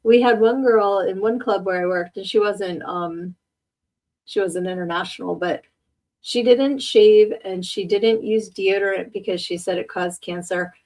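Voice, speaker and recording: A woman's voice: medium pitch, moderate pace, a little mellow. A woman hosting a casual live podcast, chatting and joking with her audience and laughing often. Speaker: podcast host. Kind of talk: casual live-stream chat.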